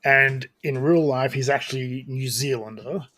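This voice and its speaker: A man's voice: mid-range voice, measured pace, pushed and bright. A man co-hosting a podcast, chatting casually and rambling with lots of restarts and fillers. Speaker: podcast co-host. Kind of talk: casual chat.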